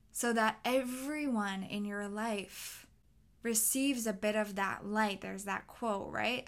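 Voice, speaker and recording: A young adult woman hosting a solo podcast, talking in an earnest, encouraging way and acting out quotes. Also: medium pitch. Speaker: podcast host.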